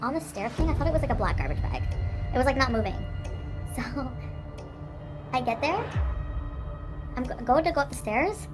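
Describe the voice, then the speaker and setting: A woman's voice: high voice, big pitch swings, normal speed, pauses often, over music. A young woman livestreaming, rambling in casual chat with lots of "like" and swearing.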